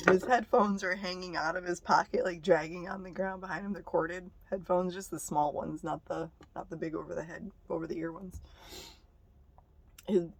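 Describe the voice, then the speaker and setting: Blunt, foul-mouthed woman, low voice. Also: husky, dry recording. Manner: blunt and profane, laughing between remarks. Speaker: vlogger. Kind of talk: casual storytelling to camera.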